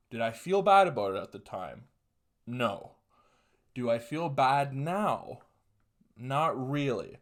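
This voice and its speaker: A young man in his twenties rambles through a crude personal story. He swears freely and often breaks into laughter, with a loose, casual delivery. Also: mid-range voice. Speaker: podcast host telling a story.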